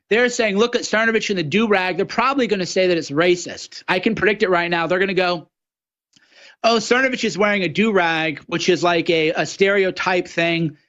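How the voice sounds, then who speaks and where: A man's voice: high voice, fairly bright tone, highs cut off. A man guest-hosting a political talk show, delivering a mocking monologue that slips into sneering impressions of his opponents. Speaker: radio show guest host.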